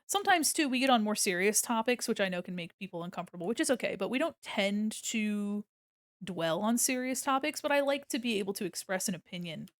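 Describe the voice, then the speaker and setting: A woman's voice: medium pitch, animated, a little fast, no echo, studio quality. An American woman streaming her art, chatting casually and giggling as she thinks aloud while she draws. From United States.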